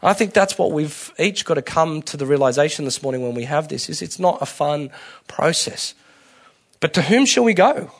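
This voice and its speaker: A man preaching a conversational sermon, candid and colloquial, restarting phrases and swinging between soft and loud. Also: on the high side, lively intonation, moderate pace. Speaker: pastor.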